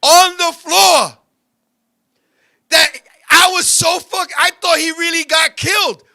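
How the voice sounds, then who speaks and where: A man hosting a show, telling animated, profane stories and often shouting as he talks. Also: extremely high pitch, slow, vocal fry. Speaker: show host. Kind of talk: comedic storytelling chat.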